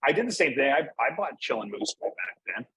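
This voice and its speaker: Pushed, bright, and slightly rough, the medium-pitched voice of this cigar brand manager from Northeast Pennsylvania, USA, swings widely in pitch at a fairly quick pace. As an interview guest he chats casually and rambles easily, saying "like" often and restarting, captured in poor audio.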